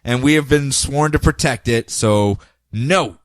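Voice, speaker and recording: A man's voice: medium pitch, unhurried, dry recording, close to an everyday voice. A man voicing pleading giant survivors of a dying city who speak in a casual, pleading way. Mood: indignant.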